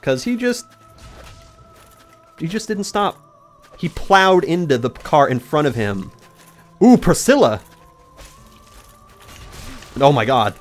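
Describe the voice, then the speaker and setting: A man's voice: a little high, measured pace, long pauses, soft background music. A young man narrating a rambling personal story while talking back to the video game he is playing. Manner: rambling, animated, talks to the game mid-story. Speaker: gaming YouTuber. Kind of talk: let's play commentary with storytelling.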